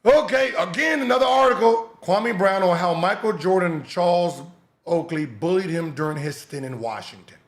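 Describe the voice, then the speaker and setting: Male podcast host, sarcastic reactor, high animated voice, roomy sound. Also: moderate pace. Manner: mocking, sarcastic, shouts and laughs. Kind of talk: reacting to clips.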